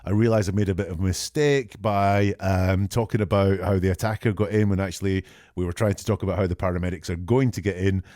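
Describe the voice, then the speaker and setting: Deep, mellow-voiced man giving analysis. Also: fairly even intonation, dry recording, studio quality. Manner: measured, reflective, reads out quoted lines. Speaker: podcast host analyzing an emergency call. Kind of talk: analytical commentary.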